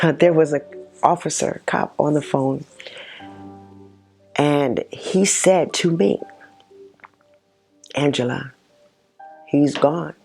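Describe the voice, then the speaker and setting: Low, slow-speaking woman telling her story. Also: gravelly, a little mellow. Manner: halting, emotional, many pauses and restarts. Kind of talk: personal testimony.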